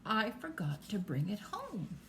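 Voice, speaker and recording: A woman voicing a forgetful little boy in a read-aloud storybook, answering in slow, sheepish tones. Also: medium pitch, wildly swooping pitch, a bit bright, reverberant, a little hiss or hum, exaggerated voice.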